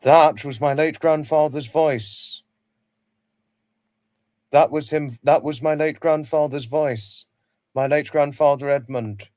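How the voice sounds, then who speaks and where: A man's voice: fairly high pitch, steady tone, takes it slowly, long pauses, darkish tone, no room sound. A man hosting a casual livestream, rambling, repeating himself and greeting viewers by name. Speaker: livestream host.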